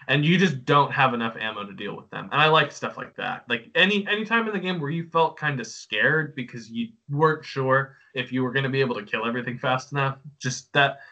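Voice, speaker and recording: A man's voice: medium pitch, bright, forceful tone, lo-fi sound. A man co-hosting a casual game review podcast, enthusiastic and stumbling over restarts. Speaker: podcast co-host.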